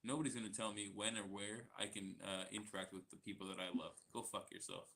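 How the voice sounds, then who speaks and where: Gravelly, blunt man. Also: lowish voice, fairly even intonation, fast talker, a bit bright, slight background noise. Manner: blunt and profane. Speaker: debate participant. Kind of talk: heated casual debate.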